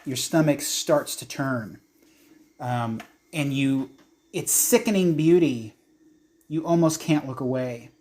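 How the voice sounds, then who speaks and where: A male game master narrating a horror tabletop session at a slow, even pace. He lingers over descriptions, with plenty of "um" and "like" as he sets the scene. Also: medium pitch. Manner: descriptive, unhurried storytelling with fillers.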